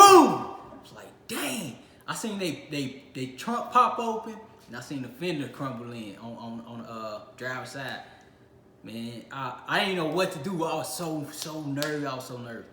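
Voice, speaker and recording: A man's voice: fairly high pitch, pushed and bright. A young man from Illinois telling a casual personal story on his channel, acting out his own reactions. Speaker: channel host. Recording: echoey room with faint noise.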